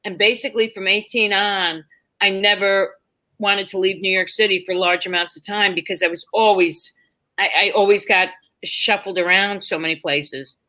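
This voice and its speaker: A woman guest telling stories in a casual interview, animated and acting out quotes in different voices. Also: medium pitch, normal speed.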